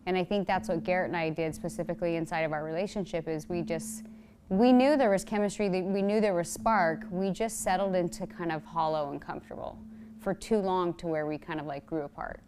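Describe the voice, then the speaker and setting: A woman speaking candidly in an interview, halting and full of "like" fillers. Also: on the low side, a little hiss or hum. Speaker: interviewee, wife. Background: loud music score.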